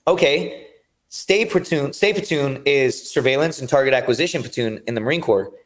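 A man's voice: mid-range voice, normal speed. A man talking as a podcast guest, telling long rambling stories with lots of swearing. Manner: rambling, profane storytelling. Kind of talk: casual chat.

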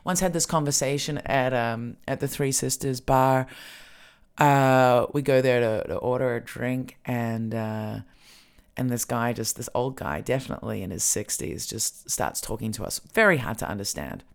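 A woman's voice: extremely low pitch, moderate pace, creaky. A woman hosting a podcast, telling casual stories in a rambling way with lots of fillers and swearing. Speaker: podcast host. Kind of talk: casual chat, storytelling.

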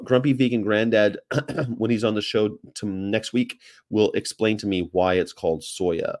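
A man's voice: lowish voice, darkish tone. A man with an American accent hosting a casual livestream, reading viewer comments and rambling with jokes and casual swearing. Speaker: host.

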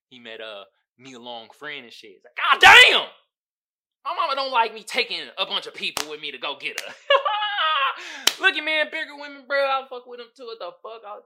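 Animated, bright-voiced man podcasting. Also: high-pitched. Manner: loud bursts of laughter, profane slang, animated. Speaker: podcast host. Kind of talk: casual solo podcast, reading memes aloud.

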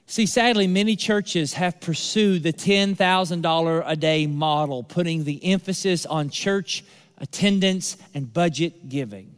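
Male pastor, high voice, preaching with repetition and pauses, long hall reverb. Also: clear, resonant tone. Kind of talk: sermon.

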